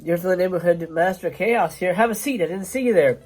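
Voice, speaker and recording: A man's voice: high voice, fairly quick, darkish tone. A man hosting a casual film review show, talking in a chatty, rambling way with lots of fillers and restarts.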